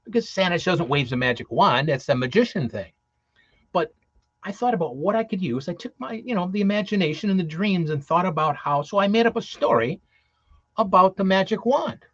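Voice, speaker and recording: A man's voice: sits high, animated, brisk, fairly bright tone, no echo, dull audio. A man who performs as Santa, giving a rambling, encouraging talk full of restarts and fillers. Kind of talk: casual motivational talk.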